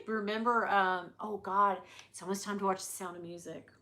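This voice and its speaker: A middle-aged woman hosts a casual livestream, chatting and rambling with her live viewers and laughing often. Her mid-range voice is steady, bright and forceful, moving at a normal speed with hardly any pauses.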